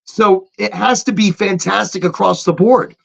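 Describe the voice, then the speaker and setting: A man's voice: high voice, normal speed, creaky, highs cut off. A man co-hosting a casual podcast, talking emphatically with repeated phrases and mimicking automated phone voices. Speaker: podcast co-host.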